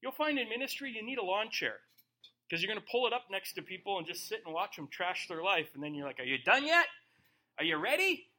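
High, bright-voiced male pastor. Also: fast. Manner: conversational, acts out quoted voices. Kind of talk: verse-by-verse Bible teaching.

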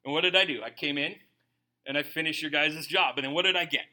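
Preaching at a quick pace, a male pastor uses his bright, high voice to chat with the congregation, breaking into playful impressions of the people he mentions in a lively, animated sermon.

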